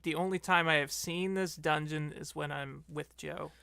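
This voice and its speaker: A woman guesting on a game stream, chatting casually with quick, jokey reactions. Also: sits low, steady tone, creaky, fairly bright tone, smooth, no echo. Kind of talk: casual chat. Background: game music.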